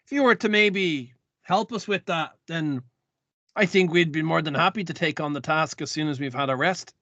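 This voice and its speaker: A man chats through a tabletop game over a video call, joking and wheedling for a break. His voice is gravelly and bright with a slightly raised pitch, and the sound is dry with no room around it. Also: moderate pace, no echo, dull audio. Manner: wheedling, jokey. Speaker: player. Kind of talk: casual game chat.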